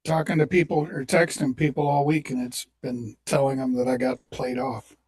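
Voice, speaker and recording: A man's voice: mid-range voice, flat delivery, moderate pace, darkish tone. A cheerful man chatting casually on a talk show. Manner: cheerful, upbeat. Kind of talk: casual chat.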